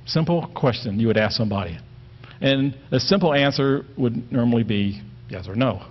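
A man's voice: medium pitch, animated, a little fast. A man giving a conversational Bible teaching, plain-spoken and stressing single words to make his points. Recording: dull lo-fi recording.

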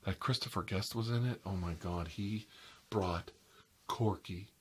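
A man's voice: a little slow, slightly rough. A man playing a rambling, gossipy interior decorator in whispered role-play. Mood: chatty. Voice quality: rambling and gossipy, with sudden high squeals and soft asides. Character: chatty, oversharing middle-aged male interior decorator. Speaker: ASMR role-play creator.

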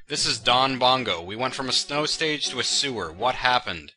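A young male host chats his way through a video game in a mid-range voice. He rambles, cracks offbeat jokes and mocks himself. Game music plays clearly behind him. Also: mid-range voice, moderate pace, hardly any pauses, bright, forceful tone. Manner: rambling, self-mocking, offbeat humor. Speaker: let's play host. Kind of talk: casual gameplay commentary.

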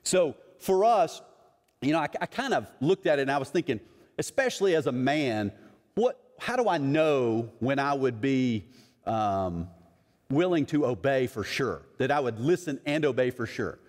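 Pastor preaching in a reverberant hall. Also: male voice, mid-range voice, very animated, moderate pace, a little mellow. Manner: conversational, acts out voices of others in his stories. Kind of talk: sermon.

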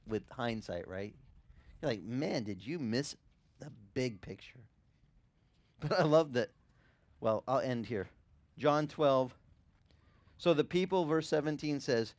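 Here the Hawaiian-accented pastor speaks in a mid-range voice, with no echo on the recording. He preaches animatedly, voicing characters and joking with his congregation through frequent asides.

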